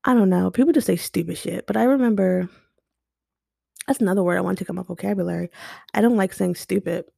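A woman's voice: mid-range voice, fast, vocal fry, mellow, no echo, clean studio sound. A young woman hosting a podcast, talking unscripted and bluntly about her past, swearing often. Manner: blunt and emotional, frequent swearing. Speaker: podcast host. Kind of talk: unscripted personal monologue. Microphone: home podcast mic.

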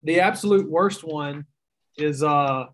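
A young man with a Southern drawl and a slightly raised pitch talks on a podcast. He tells long stories in a loose, self-mocking way. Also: slow pace, a bit bright. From Mississippi. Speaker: guest writer. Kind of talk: casual podcast chat.

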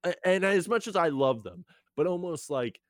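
A young man co-hosting a podcast, chatting casually and rambling in an animated, self-mocking way. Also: on the high side, moderate pace, dry recording. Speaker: podcast co-host. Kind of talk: casual recap chat.

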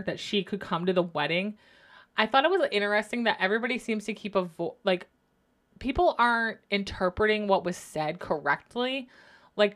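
Woman doing her solo podcast, chatty and opinionated, swears freely. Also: medium pitch. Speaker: podcast host. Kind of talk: casual solo chat.

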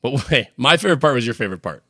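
A man's voice: mid-range voice, expressive, rapid-fire, bright, forceful tone, no room sound, clean studio sound. A man from Canada co-hosting a sports podcast, talking in an upbeat, jokey and rambling way. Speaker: podcast co-host. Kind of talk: casual sports chat.

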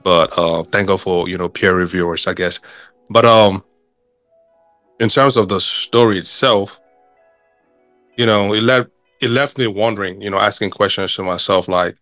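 A man chats animatedly in a casual book club, firing off rhetorical questions between fillers. His voice sits low, and the sound is dry and close. Faint music plays behind him. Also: a bit bright, no echo. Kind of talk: casual discussion.

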